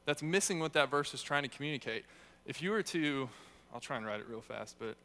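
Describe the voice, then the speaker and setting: A man's voice: medium pitch, animated, a little fast, pushed and bright. A young man giving a casual, conversational sermon, telling stories with self-deprecating humor. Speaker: youth speaker.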